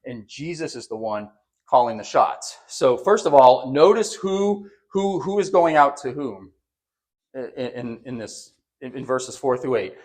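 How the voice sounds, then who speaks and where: A pastor preaches an animated sermon at a slightly slow pace and medium pitch. He acts out quotes in a raised voice and often repeats words.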